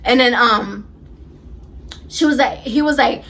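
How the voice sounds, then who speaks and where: A woman in her twenties telling a storytime vlog, emphatic and animated, on the verge of tears. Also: on the high side, takes it slowly. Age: 20s. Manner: animated, emphatic retelling with many repeats. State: close to tears. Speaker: vlogger.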